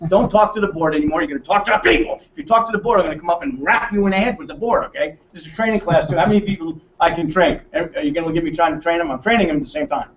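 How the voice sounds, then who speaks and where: Brash high-voiced American man teasing a crowd. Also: very fast, few pauses, slight background noise. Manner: brash, joking, quizzes the room. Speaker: seminar presenter. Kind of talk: teasing seminar talk to a live audience. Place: meeting room with audience. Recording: roomy, distant, dull room mic.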